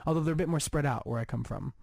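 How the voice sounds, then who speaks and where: A man's voice: a little high, racing, vocal fry, a little mellow, no echo, clean studio sound. A playful man in his twenties from the United States, chatting as a guest in a radio interview. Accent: Southern Californian. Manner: playful, laughs easily. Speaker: guest singer.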